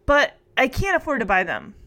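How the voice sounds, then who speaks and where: A woman's voice: sits high, wildly swooping pitch, normal speed, sharp tone, dry recording, exaggerated voice. A woman voicing an anxious fourth-grade girl who pleads and worries. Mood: worried.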